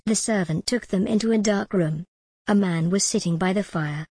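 A woman narrating a simple storybook in a plain, measured way. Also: medium pitch, a little mellow, breathy edge, no room sound, studio quality.

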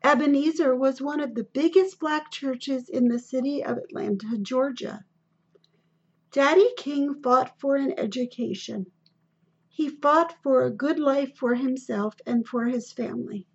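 Woman reading a kids' story aloud, high voice, husky, muffled old-sounding audio. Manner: steady, deliberate reading. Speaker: narrator. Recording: dull lo-fi recording.

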